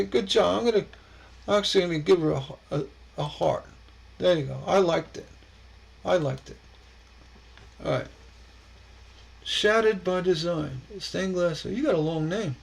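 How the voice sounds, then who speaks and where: A man's voice: high-pitched, unhurried, creaky, pauses often, husky, rough recording. A man hosting a casual stained glass livestream, rambling and chuckling as he reacts to viewers' posts, often stammering and repeating words.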